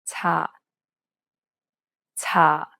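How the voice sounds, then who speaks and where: A woman modeling single syllables for learners, speaking deliberately. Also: bright, forceful tone, dry recording. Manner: deliberate, measured. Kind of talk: slow drilled syllables.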